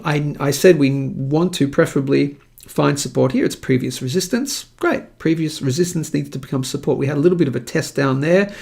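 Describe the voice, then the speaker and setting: A man's voice: fairly high pitch, a little fast, gravelly, darkish tone. A man with an Australian accent hosting a live market show, chatting in an upbeat, jokey way. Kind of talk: casual live-stream commentary.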